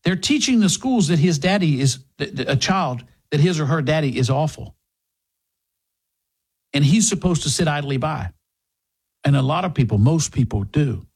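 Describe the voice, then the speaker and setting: A man's voice: fairly high pitch, lively intonation, normal speed, long pauses, husky. A man hosting a talk radio show, delivering an emphatic, sarcastic monologue and a live sponsor read. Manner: emphatic, sarcastic, rising to indignant peaks.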